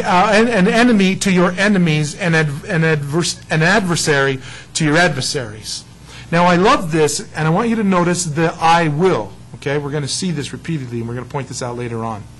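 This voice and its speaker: A man teaching a Bible study in a chatty, digressive way, often trailing off into quiet asides. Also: high voice, poor audio.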